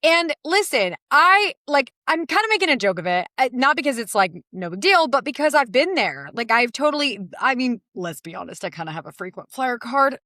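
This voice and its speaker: A woman's voice: high voice, sing-song, fairly quick, hardly any pauses, sharp tone, no room sound, studio quality. A middle-aged woman hosting a podcast, talking candidly in a casual confessional monologue, swearing and laughing often. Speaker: podcast host.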